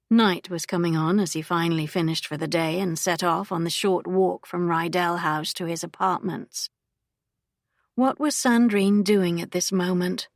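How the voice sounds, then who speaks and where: A woman narrating an audiobook in a steady, even storytelling manner. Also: medium pitch, dry recording, studio quality.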